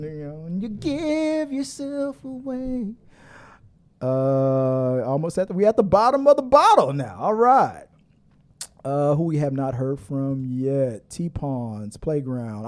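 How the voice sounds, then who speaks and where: A middle-aged man hosting a casual live stream, laughing often and reading viewer comments aloud. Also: a little high. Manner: laughing, animated, reads chat comments aloud.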